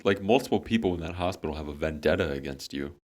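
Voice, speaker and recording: A man's voice: extremely low pitch, lively intonation, fast, darkish tone. A man co-hosting a podcast in casual chat, teasing and joking. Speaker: podcast co-host.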